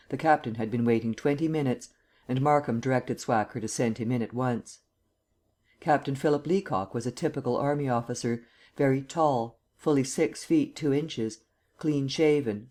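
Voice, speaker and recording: A man's voice: medium pitch, darkish tone. Man reading an old mystery novel aloud. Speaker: audiobook reader. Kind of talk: audiobook narration.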